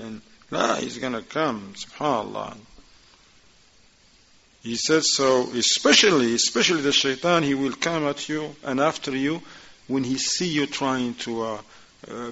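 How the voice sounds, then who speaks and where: A religious teacher leads a class on a religious text, quickly reading Arabic passages and then explaining them in casual, conversational English while putting questions to his students. His mid-range voice sounds pushed and bright, captured on a dull lo-fi recording.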